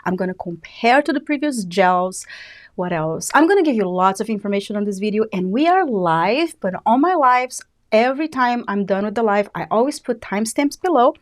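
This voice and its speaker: A woman's voice: medium pitch, expressive, moderate pace. A woman with a Brazilian accent hosting a live beauty product review, chatty and enthusiastic. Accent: Brazilian Portuguese. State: a little out of breath. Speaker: beauty channel host.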